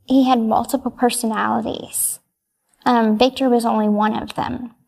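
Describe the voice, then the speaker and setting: Soft-spoken hesitant young woman, gravelly. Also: a little high, flat delivery, normal speed. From United States. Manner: soft, hesitant, brief answers with many ums. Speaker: interviewee. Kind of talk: answering interview questions.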